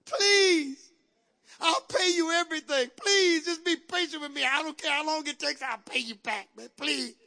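A man's voice: very high voice, normal speed, creaky, few pauses, bright, forceful tone, full character voice. A man preaching, voicing a desperate male servant who begs his master for mercy and pleads again and again. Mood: begging. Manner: pleading, repeating please over and over.

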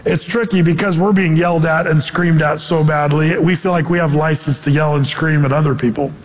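A male pastor with a high voice delivers a casual, animated sermon. He drops into playful voices when quoting people and laughs along the way. His words trail off into the long echo of a large hall. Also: brisk. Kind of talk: conversational sermon.

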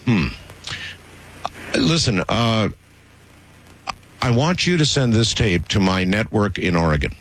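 A man hosting a radio call-in show, calm and insistent, cutting in to steer the caller. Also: fairly low pitch, slow, long pauses, slight background noise. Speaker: radio talk show host.

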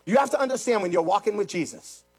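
A man's voice: high-pitched, animated, fast, vocal fry, a little mellow, breathy edge, soft background music. A man preaching a sermon, emphatic and repetitive, speaking straight to his congregation. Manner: emphatic, repeats phrases, addresses the congregation directly. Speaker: pastor.

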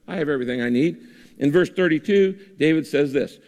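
Male pastor, slightly higher voice, lively sermon delivery, reverberant hall sound. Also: fast talker. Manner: lively preaching with rhetorical questions.

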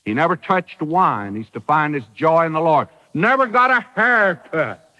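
A man's voice: a little high, expressive, unhurried, pushed and bright, in a large hall, highs cut off. A man preaching a sermon, emphatic, with rhetorical questions and dry humor.

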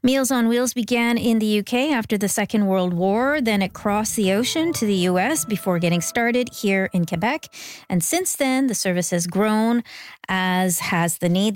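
A woman anchoring a radio newscast, reading in a brisk, measured way. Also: medium pitch. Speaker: news anchor.

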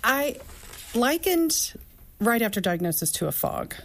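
A woman's voice: fairly high pitch, big pitch swings, measured pace, fairly bright tone. A woman speaking as a guest, telling her own story of faith and doubt in an earnest, flowing way. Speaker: podcast co-host and author guest. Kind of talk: candid personal faith talk.

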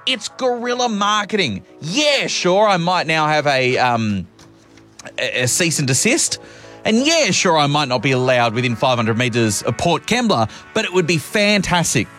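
A man's voice: on the high side, big pitch swings, moderate pace, a bit bright, faint music behind. A male radio host chatting playfully to drive-time listeners. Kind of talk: casual radio chat.

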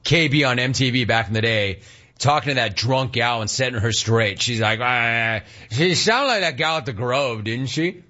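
A man hosting a talk radio show, telling animated stories and taking calls in a casual, joking way. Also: mid-range voice, moderate pace, dull audio. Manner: animated storytelling, laughs at clips.

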